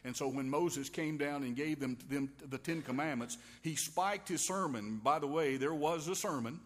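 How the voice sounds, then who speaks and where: A man's voice: mid-range voice, normal speed, hardly any pauses. A man preaching a sermon in a folksy, wry way, with homey quips and asides to his listeners. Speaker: pastor. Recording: long reverb of a large hall.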